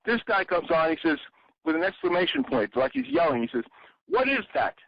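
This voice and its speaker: An older man talks through a long anecdote in a rather high voice that swings up and down a lot. His voice is dry and a bit dull, as over a lo-fi call. He acts out the people he quotes. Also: quick pace, gravelly, dry recording. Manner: animated storyteller, acts out quoted lines in a raised voice. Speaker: interview guest, former bandmate and exhibit designer. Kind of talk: casual interview talk, long anecdotes.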